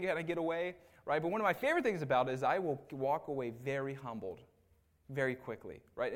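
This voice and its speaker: Man preaching, casual and chatty. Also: mid-range voice. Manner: casual, tags lines with "right?"; animated retelling with acted asides. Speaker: assistant pastor. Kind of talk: conversational sermon.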